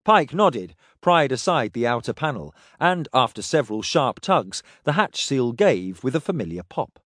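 A man reading a science fiction story aloud in steady, descriptive narration. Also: mid-range voice, moderate pace, no room sound, studio quality. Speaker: audiobook narrator.

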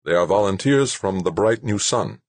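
A gracious young executive who politely stonewalls, as a male reader puts him on. His raised voice stays smooth in manner though husky in tone. The audiobook sound is dry. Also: low-pitched, lively intonation, normal speed, dry recording, voice pushed up. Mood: calm.

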